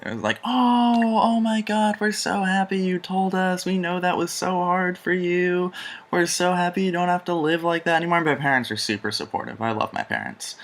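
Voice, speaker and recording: A young man talks straight to a shaky handheld camera, chatty and rambling with plenty of ums and self-corrections. His voice has a bright, forward ring at an ordinary male pitch. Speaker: vlogger. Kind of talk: casual personal storytelling to camera.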